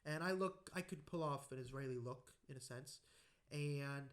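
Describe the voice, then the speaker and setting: A man hosting a podcast, telling anecdotes in a casual, animated way and acting out the voices in his stories. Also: medium pitch, normal speed. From United States. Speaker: podcast host. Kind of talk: casual conversational storytelling.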